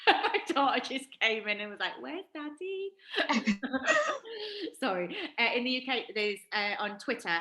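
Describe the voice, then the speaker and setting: A woman's voice: medium pitch, measured pace, sharp tone, roomy sound, slight background noise, poor audio. A woman from Northeast England with a Northeast English accent, hosting a casual livestream chat, giggly and self-deprecating. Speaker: host.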